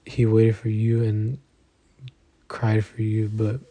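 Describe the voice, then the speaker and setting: A man's voice: on the low side, monotone, takes it slowly, mellow, dry recording. A man voicing a firm, caring mother who works as a clinic nurse, with a motherly, scolding manner.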